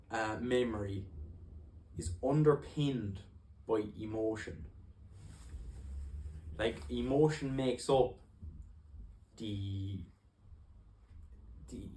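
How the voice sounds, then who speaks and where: A man's voice: medium pitch, warm tone. Earnest man in an echoey room. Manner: earnest, halting, with many restarts. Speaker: life coach. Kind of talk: personal story and coaching talk to camera.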